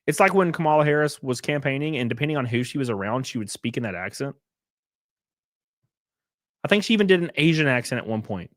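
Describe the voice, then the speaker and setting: A man's voice: medium pitch, lively intonation, fast talker, pauses often, no echo, clean studio sound. A man with an American accent, chatting casually with his live-stream viewers in a rambling, laid-back way and cursing now and then. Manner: sings snatches of a theme song.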